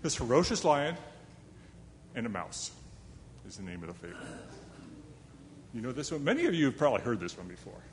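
A man's voice: on the low side, big pitch swings, quick pace, long pauses, long reverb tail, slight background noise. A man telling a fable to a young live audience in a chatty, self-deprecating way, with asides to his listeners. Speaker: storyteller.

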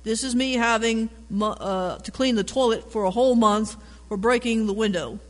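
A man reading a moody, stubborn little boy from a picture book. His lines come out sulky and complaining in a high voice, with a long reverb tail. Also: normal speed, a bit bright.

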